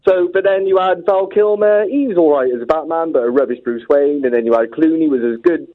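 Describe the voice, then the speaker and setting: A man's voice: fairly high pitch, brisk. A middle-aged man phoning in to a radio show, chatting in a hesitant, easygoing way and laughing often. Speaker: caller. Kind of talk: casual phone-in chat. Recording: tinny phone line.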